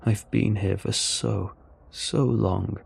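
A man voicing a stranded male alien with a low, gravelly voice and slow, drawn-out speech. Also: fairly even intonation, darkish tone, exaggerated voice. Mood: weary.

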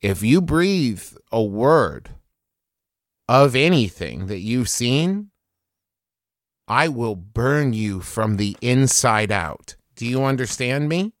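A man voicing a calm, menacing young woman with fire magic in a tabletop game, using a West Virginia drawl and slow, quiet threats. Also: medium pitch, dry recording, studio quality, natural voice.

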